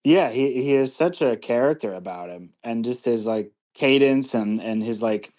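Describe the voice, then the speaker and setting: A man's voice: mid-range voice, normal speed, a little mellow. A man co-hosting a movie podcast, talking casually in a rambling, hesitant way with many restarts. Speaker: podcast co-host. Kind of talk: casual movie review chat.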